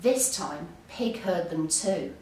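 A woman teacher reads a bedtime story, slow and lively in pitch. Her voice sounds roomy and set back from the mic. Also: recorded from a distance, a little hiss or hum. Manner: expressive, unhurried storytelling. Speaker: English teacher.

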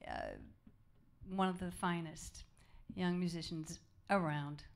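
A woman jazz singer in relaxed, chatty stage banter between songs at a small club, speaking softly with easy fillers and asides. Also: lowish voice, slow. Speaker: jazz vocalist leading a band. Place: small live music club, indoors. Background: jazz band instruments.

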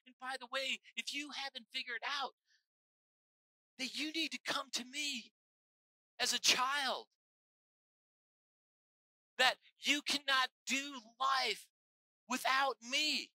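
A man's voice: extremely high pitch, steady tone, takes it slowly, pauses often, pushed and bright, dry recording, rough recording. A male pastor preaching a sermon in a folksy, joking way, teasing his congregation.

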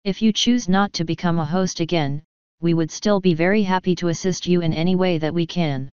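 A woman reading the part of a formal, composed royal lady, speaking in a measured, courteous way. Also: lowish voice, steady tone, darkish tone, clean tone, no room sound, muffled recording, close to an everyday voice. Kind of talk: audiobook reading of fan fiction.

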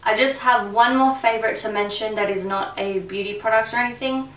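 A woman's voice: a little high, steady tone, brisk, a bit bright, a little hiss or hum. Chatty woman in an echoey room. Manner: candid, chatty, swears freely. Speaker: beauty vlogger. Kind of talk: casual to-camera chat. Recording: echoey room, mic a bit distant.

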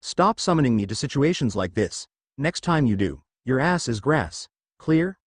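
A man voicing a huge, gruff male toad boss who scolds in annoyance. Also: medium pitch, very animated, normal speed, no echo, clean studio sound. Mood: annoyed.

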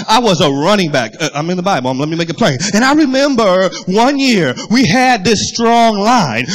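A male pastor preaching a sermon, swinging between rising, half-sung shouts and quiet, low asides. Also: rough recording.

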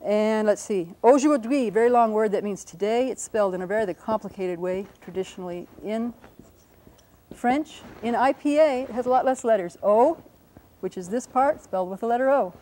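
A woman's voice: fairly high pitch, dark tone, rough recording. A woman linguist explaining phonetic symbols, carefully sounding out words syllable by syllable. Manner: slow, careful demonstration of pronunciations. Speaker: linguist giving a talk.

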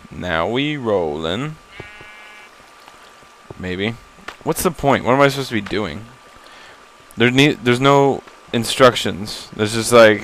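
Medium-pitched and fairly bright, a young gamer gives rambling, casual commentary on his first playthrough of a game, recorded on a laptop. He's self-deprecating and easily spooked, swearing when surprised, and the rough recording carries a little hiss or hum.

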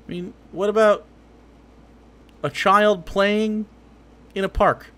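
A man's voice: high-pitched, steady tone, takes it slowly, sharp tone. Sarcastic, profane male political streamer. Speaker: streamer commenting on political videos. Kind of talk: reaction commentary.

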